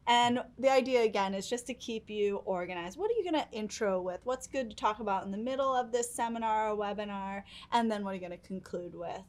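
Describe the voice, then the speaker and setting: A young woman giving tips in a casual chat, upbeat and quick to laugh. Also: medium pitch, darkish tone. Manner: chatty, laughs often, upbeat. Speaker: guest giving presentation tips.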